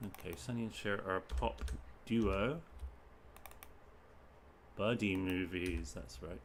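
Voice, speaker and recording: Slow, low-voiced British man muttering clues. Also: a little hiss or hum. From United Kingdom. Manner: reads clues and mutters answers in short bursts. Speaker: streamer solving crosswords. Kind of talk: thinking aloud while solving.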